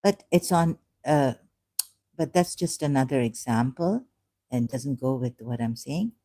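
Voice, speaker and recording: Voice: medium pitch, lively intonation, unhurried, dark tone. A native Urdu speaker talking through religious questions in a casual, hesitant monologue full of fillers and restarts. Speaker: ex-Muslim vlogger.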